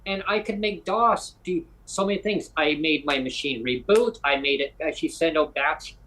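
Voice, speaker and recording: A man from Canada hosts a casual podcast, his voice sitting a little high for a man. He talks in an animated, rambling way, restarting sentences as his thoughts run ahead. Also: moderate pace, low-quality recording. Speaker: podcast host.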